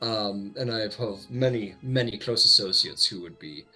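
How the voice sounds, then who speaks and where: A man's voice: on the low side, normal speed, sharp tone, soft background music. A man voicing a pompous, self-important old male archmage who is impatient and dismissive. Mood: boastful.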